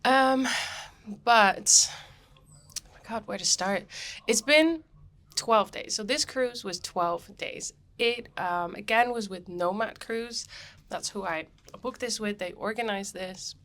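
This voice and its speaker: A woman's voice: mid-range voice, slow pace, a bit bright. A woman hosting her podcast in a chatty, rambling monologue while she has a cold, recorded on board a cruise ship. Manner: chatty and rambling, many ums. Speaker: podcast host.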